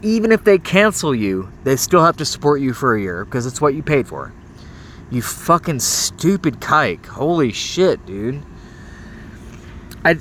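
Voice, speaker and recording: Ranting in a voice message, this young man curses and scolds someone, tripping over his words and starting over whenever he heats up. He sounds a little high and fairly bright, and there's some faint hiss or hum.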